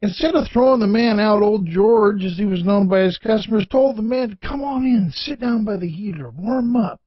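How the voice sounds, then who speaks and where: High-voiced man telling a story. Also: moderate pace, husky, no echo, dull audio. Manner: plainspoken, folksy. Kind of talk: storybook narration.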